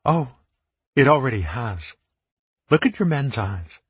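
A man's voice: medium pitch, sing-song, measured pace, a bit bright, husky, no echo, voice pushed up, full character voice. A man putting on a defiant young woman warrior. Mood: taunting. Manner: taunting, defiant.

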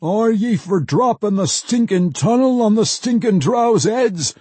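Frantic male wizard, high and dramatic, wailing and pleading, as a male narrator puts him on. Dog-like yelps creep in. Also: takes it slowly, warm tone, dry recording, full character voice. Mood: urgent.

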